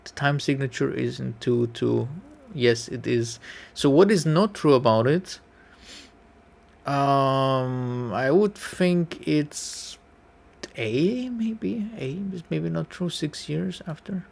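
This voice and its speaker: A piano YouTuber takes a music quiz on camera, musing aloud, correcting himself and humming melodies. His medium-pitched voice is creaky and darkish, and he speaks slowly.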